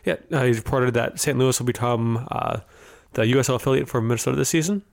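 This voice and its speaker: A man's voice: mid-range voice, quick pace, vocal fry. Dry, informative male co-host from Wisconsin. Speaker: podcast co-host. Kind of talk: casual sports chat.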